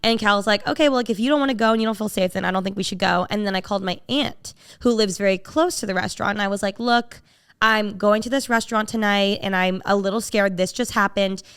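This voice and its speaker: A woman hosting a podcast speaks at a quick pace in a clean, mid-range voice. She tells a story in casual chat, animated throughout and imitating the voices of the people in it.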